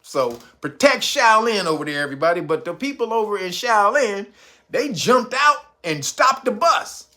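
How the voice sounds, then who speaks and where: A man in runs a casual live stream, his voice high and bright. He swings his pitch widely as he riffs, cursing and laughing as he acts out little scenes. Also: moderate pace. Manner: animated, profane, laughing asides, acts out scenes.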